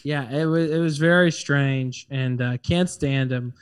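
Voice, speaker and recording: A man co-hosting a casual chat, talking in an animated way with lots of fillers and acted-out quotes. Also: medium pitch, measured pace, smooth. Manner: animated, acts out quoted voices, many fillers. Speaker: podcast co-host.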